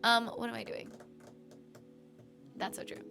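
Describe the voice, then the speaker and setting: A woman's voice: fairly high pitch, flat delivery, unhurried, vocal fry, long pauses, bright, forceful tone. A young American woman streaming live, chatting casually with her chat, laughing often and singing along. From United States. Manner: bubbly, laughs often, sings along to music. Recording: faint music behind.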